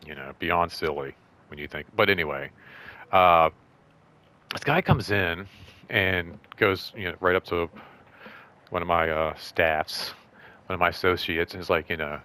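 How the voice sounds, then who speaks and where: Low-voiced man rambling through a story. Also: measured pace, pauses often, pushed and bright. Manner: rambling, full of "like" and "you know"; acts out quoted speech in raised voice. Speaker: show host. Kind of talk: casual storytelling vlog.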